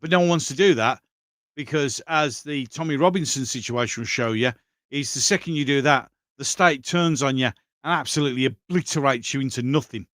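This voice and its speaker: A man's voice: medium pitch, a little fast, fairly bright tone, dry recording, clean studio sound. A man hosting a live stream in a loose, conversational way, reading out viewer comments and answering them as he goes. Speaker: livestream host reading viewer chat.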